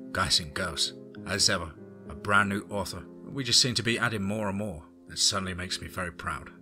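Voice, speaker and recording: A man's voice: low-pitched, pushed and bright. A man narrating a horror story aloud, then chatting enthusiastically to his listeners. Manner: enthusiastic, effusive.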